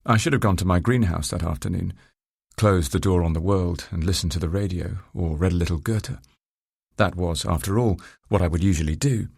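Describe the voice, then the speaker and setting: A man narrating a first-person story in a reflective, measured and formal way. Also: deep voice, creaky, a little mellow, breathy edge, dry recording, clean studio sound.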